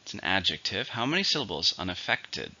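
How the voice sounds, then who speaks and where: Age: adult. Sex: man. Role: English teacher. Style: vocabulary lesson. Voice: bright, lively, lowish, on a dull lo-fi recording. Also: a little fast. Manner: methodical, spells out syllables and stress.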